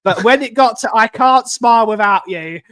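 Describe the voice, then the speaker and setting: London guy, super high voice, gets all excited telling stories, dry close mic. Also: normal speed, clear, resonant tone, no room sound. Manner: excitable storyteller. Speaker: podcast co-host. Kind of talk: casual chat.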